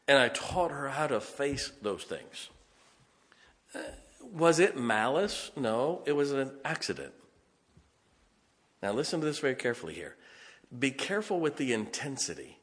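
Middle-aged male preacher, folksy storyteller, medium pitch, reverberant church hall. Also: sing-song, a little slow, pauses often, a bit bright. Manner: folksy storyteller, laughs often. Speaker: pastor. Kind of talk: sermon with personal stories.

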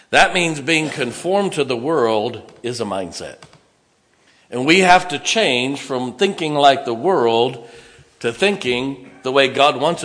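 A man's voice: mid-range voice, a bit bright, in a large hall. A male pastor preaching a sermon, reading scripture aloud and adding emphatic asides to his congregation.

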